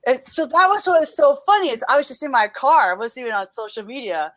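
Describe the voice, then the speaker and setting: A middle-aged woman telling a personal story in a casual chat, animated and laughing often. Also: high voice, brisk. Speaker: podcast guest.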